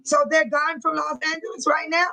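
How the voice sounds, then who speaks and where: A woman with a high voice hosts a relaxed livestream. She reads news articles aloud and breaks off to talk back to her viewers in the chat. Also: fairly quick, gravelly, low-quality recording. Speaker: livestream host.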